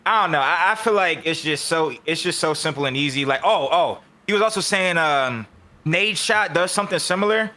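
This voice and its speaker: Bright, heated man ranting. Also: on the high side, brisk, slight background noise. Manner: heated, profane, animated rant. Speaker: podcast host. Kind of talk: casual esports podcast chat.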